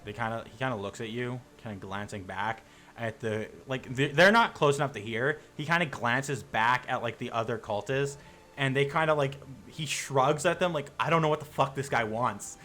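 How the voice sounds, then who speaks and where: A man running a tabletop game, describing the scene in a casual, halting way with plenty of fillers. His voice is bright and clear. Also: mid-range voice. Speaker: game master.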